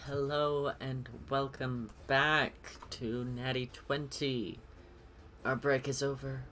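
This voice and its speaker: A game master closing a scene and opening a session of a tabletop game, slow and easygoing, often laughing. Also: medium pitch, flat delivery, a little hiss or hum. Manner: slow, laughs easily, gently directs the table. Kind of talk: game master narration and banter.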